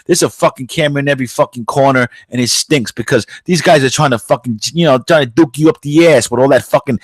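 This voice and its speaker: A man hosts a podcast, ranting bluntly and swearing freely. His voice sits at an ordinary pitch and is recorded dry, with no room sound. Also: quick pace, few pauses, no room sound. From New York. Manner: profane, blunt, heated ranting. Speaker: podcast host. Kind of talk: casual podcast rant.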